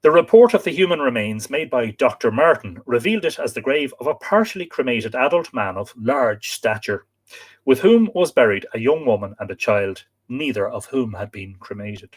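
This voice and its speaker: Irish male host, live-stream book reader, mid-pitched voice, chatty asides to viewers. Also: big pitch swings, normal speed, husky. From Ireland. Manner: spells out place names letter by letter, chatty asides to viewers.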